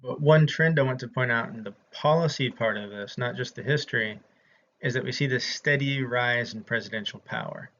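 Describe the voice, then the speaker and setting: Speaking at a moderate pace in a mid-range, slightly bright voice, a Southern American man lectures his students on history. His teaching is relaxed and conversational, full of ums. Faint noise sits under a slightly dull, lo-fi recording.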